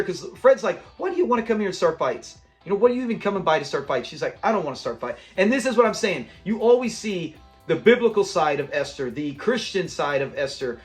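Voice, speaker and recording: A man with a high voice gushes through an episode breakdown, slipping into the characters' lines as he recaps. Faint music sits under his talk. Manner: enthusiastic, acts out quoted lines. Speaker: channel host.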